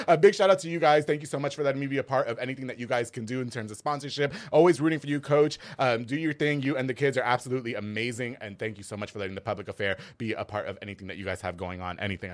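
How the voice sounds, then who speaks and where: A man hosting a podcast, talking fast and playfully, laughing often and hyping sponsors like radio ads. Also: mid-range voice. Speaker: podcast host. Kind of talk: casual podcast chat with sponsor reads.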